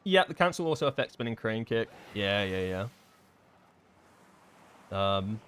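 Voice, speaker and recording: A man's voice: fairly low pitch, sing-song, unhurried, a bit bright, clean tone. A man live-streaming a game, chatting casually and thinking aloud, full of fillers and restarts as he answers chat questions.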